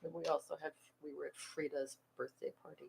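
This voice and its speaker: A man sits off camera during a livestream and adds short comments from across the room. He is far from the microphone and sounds distant. His voice is slightly high and gravelly. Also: flat delivery, a little fast. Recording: voice far from the mic.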